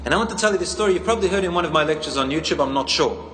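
Male preacher, engaging storyteller, fairly high voice, echoey hall recording. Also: animated, rapid-fire, fairly bright tone, a little hiss or hum. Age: adult, a teacher. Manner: engaging, questions the audience, tells stories. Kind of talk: sermon. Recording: echoey hall, faint ambience.

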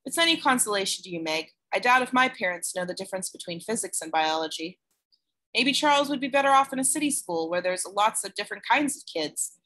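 An easygoing teenage boy who speaks frankly and thoughtfully, played by a woman reading aloud. His voice is raised a little and bright, in a relaxed, conversational storybook read. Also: mid-range voice, quick pace. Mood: musing.

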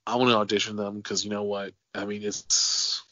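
A man hosting a podcast interview, telling animated stories full of swearing and acted-out quotes, on a dull, lo-fi, dry recording. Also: lowish voice, moderate pace, no echo. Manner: animated storyteller, swears freely, acts out quotes. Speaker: podcast host. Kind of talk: casual interview chat.

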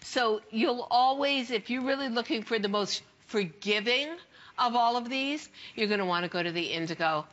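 A bright, forceful woman gushes about her jeans on a shopping channel. Her talk is chatty and enthusiastic, lingering on every color. The broadcast audio is a little dull. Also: a little high, normal speed. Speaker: fashion designer selling her jeans. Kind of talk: home shopping sales pitch. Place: TV shopping studio.

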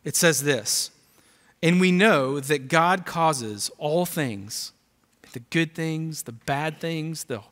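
Male pastor, slightly high voice, preaching with rising emphasis in a church hall with long reverb. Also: takes it slowly, a bit bright. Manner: reads scripture aloud, building emphasis. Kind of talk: sermon. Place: church auditorium.

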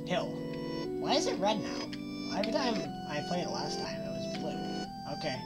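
A woman's voice: low-pitched, very animated, moderate pace. A woman playing a horror video game and commenting on it with sarcastic, joking, mock-cheerful remarks. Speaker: let's play gamer. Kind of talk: gameplay commentary. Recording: game music loud behind voice. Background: game music.

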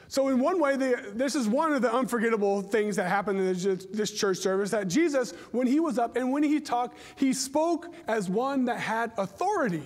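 In a church sanctuary, a middle-aged man gives a chatty, story-driven sermon, often starting his words over. He speaks at an extremely high pitch, animated and a little fast, with hardly any pauses, and long church hall reverb fills the recording.

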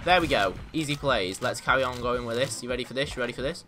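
A man giving casual, excitable commentary on his own gameplay, boasting in jest and yelping when things go wrong. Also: medium pitch, fast talker, music in the background. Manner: excitable, mock-boastful, yelps and laughs in panic.

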